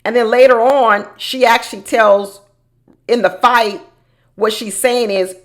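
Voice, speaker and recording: A woman's voice: a little high, fairly even intonation, unhurried. Woman doing a reality tv recap, talks like she's chatting with friends, opinionated. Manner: chatty, opinionated, addresses viewers as y'all. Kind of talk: casual recap commentary.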